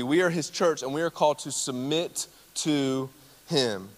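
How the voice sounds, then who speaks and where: A man, preaching a sermon and telling a personal story in a conversational, animated way. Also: medium pitch, moderate pace. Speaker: campus ministry speaker. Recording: long hall reverb.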